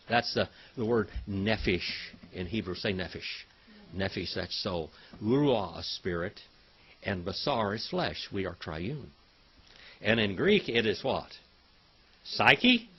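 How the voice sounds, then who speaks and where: In a classroom lecture, a man with a lowish voice teaches Bible Hebrew in a folksy, chatty way, calling on students by name and drilling word meanings. The highs in the recording are cut off.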